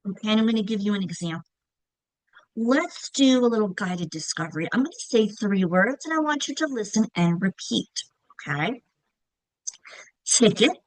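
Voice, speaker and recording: A woman's voice: mid-range voice, dry recording, poor audio. A woman teaching reading instruction to teachers, patient and checking in often with "okay?" and "right?". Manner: demonstrates words by whispering, clapping and calling out. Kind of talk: teacher training lesson.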